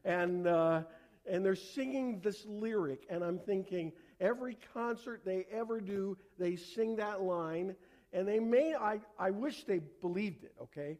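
A man preaching a sermon in a conversational way, asking rhetorical questions and dropping to a quiet, slow voice for solemn passages. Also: high voice. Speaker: pastor.

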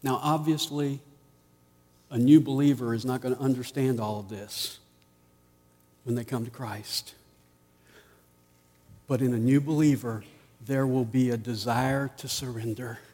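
A man preaching a sermon as pastor, rising to emphatic peaks and dropping to quiet asides. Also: mid-range voice, steady tone, a little slow, long pauses, in a large hall.

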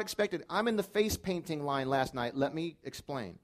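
A middle-aged man preaching a sermon as pastor, telling stories and building to loud, fervent peaks. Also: a little high, lively intonation, normal speed, hardly any pauses.

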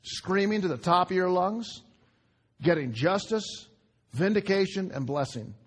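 Guy preaching, kinda high voice, gets loud then drops real quiet, repeats stuff, asks the crowd questions. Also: animated, a little slow, slightly rough. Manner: swings between loud urgent outbursts and quiet, hushed emphasis; repeats phrases for emphasis, asks the audience questions. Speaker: pastor. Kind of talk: sermon.

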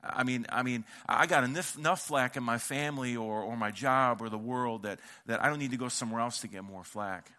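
A man's voice: medium pitch, brisk, hardly any pauses, pushed and bright. A man preaching a sermon as pastor, telling stories in a casual, conversational way and acting out the voices he quotes. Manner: conversational, with casual slang and repeated words.

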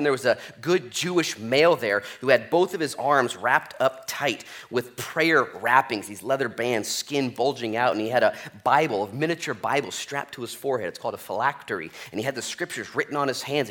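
A male pastor delivers a Bible-study sermon in a lively, joking, conversational way, tossing in "okay?" as he goes. His voice is bright and forceful, pushing each point home with energy. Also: medium pitch. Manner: animated, jokey, conversational preaching with frequent "okay?". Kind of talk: expository sermon.

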